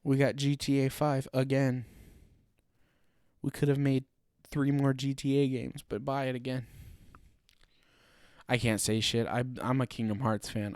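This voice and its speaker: A man's voice: mid-range voice, moderate pace, no echo, studio quality. Profane young man ranting on a podcast. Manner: profane, animated ranting with laughing asides. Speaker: podcast host. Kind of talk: solo podcast rant.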